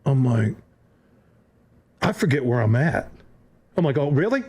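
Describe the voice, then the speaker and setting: Male podcast guest, mid-range voice, animated storyteller. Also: medium pitch, a little slow, breathy edge. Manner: lively anecdote-teller, acts out voices.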